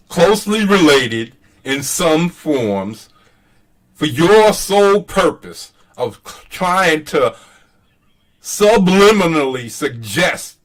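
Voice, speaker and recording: A man's voice: medium pitch, fairly bright tone, roomy sound, far from the mic. A man hosting his own channel in a heated casual rant, profane, emphatic and argumentative. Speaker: channel host.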